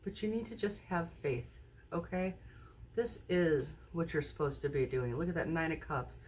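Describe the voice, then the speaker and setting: Chatty woman with a low voice reading tarot. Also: moderate pace, a little mellow, slight background noise. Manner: chatty, keeps checking in with the viewer. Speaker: tarot card reader. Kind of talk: casual tarot reading to camera. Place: indoors at a table, at home. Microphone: phone camera mounted high overhead.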